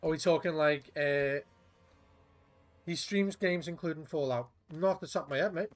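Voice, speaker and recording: A man's voice: fairly high pitch, moderate pace, soft background music. A man, chatting casually to viewers while streaming games, rambling and swearing. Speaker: game streamer. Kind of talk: casual live-stream chat.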